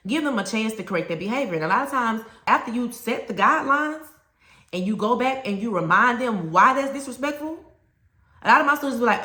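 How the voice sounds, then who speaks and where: A woman's voice: medium pitch, lively intonation, a little fast, sharp tone, roomy sound. A woman with a Southern US accent giving an emphatic, plain-spoken talk to fellow teachers. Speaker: teacher trainer.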